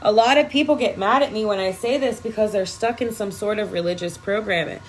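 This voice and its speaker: A woman's voice: medium pitch, brisk, slight background noise, rough recording. A woman energy worker giving an emphatic, profane spiritual pep talk on a phone live video.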